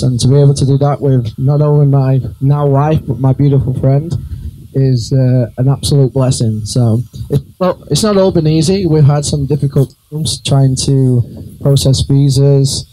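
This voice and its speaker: A man giving his speech as the groom at his wedding, sincere and halting, with frequent uhs. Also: mid-range voice, fairly even intonation, mellow, slight background noise, poor audio. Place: wedding reception room.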